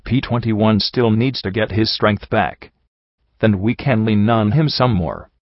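A tired, plain-spoken young mare from a storybook, read by a man with a low voice. She talks bluntly in an unchanged low register, with a dry, slightly dull lo-fi sound. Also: unhurried, dry recording. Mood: weary. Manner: blunt, weary. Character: weary blunt young female pony narrator.

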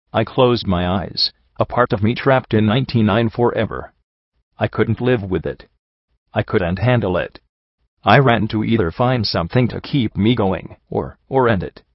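A man reading a story aloud in steady, measured first-person narration. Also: fairly low pitch, dry recording, highs cut off. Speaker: audiobook reader.

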